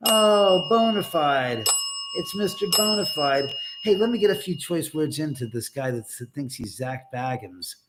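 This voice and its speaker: An older man hosting a casual livestream from his house. He rambles while reading chat, swears often and breaks into sudden loud outbursts. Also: fairly high pitch, animated, measured pace. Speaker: livestream host. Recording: loud background noise.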